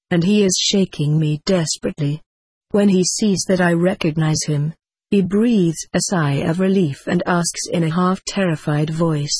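A woman narrating a first-person memoir in a measured, somber storytelling manner. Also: fairly low pitch, a little mellow, husky, no echo. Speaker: audiobook narrator.

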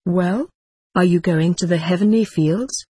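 A huge, gruff monastery proctor barking impatient orders at a boy, as a reader puts him on. The delivery is husky and heard dry, close to the mic. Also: medium pitch, measured pace, dark tone, dry recording. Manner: bellowing, impatient.

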